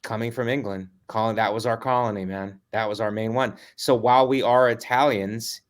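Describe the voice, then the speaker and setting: A man co-hosting a comedy podcast, teasing his partner in a deadpan way during casual chat. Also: lowish voice, moderate pace. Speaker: podcast co-host.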